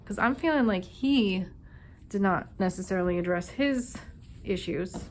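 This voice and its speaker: A woman with a Minnesota accent talks her way through a tarot spread in a loose, chatty manner, thinking aloud and leaning on fillers. Her pitch sits in a mid range for a woman. A faint hum of room sound runs underneath. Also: expressive, a little slow, darkish tone. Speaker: tarot reader. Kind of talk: casual tarot reading monologue.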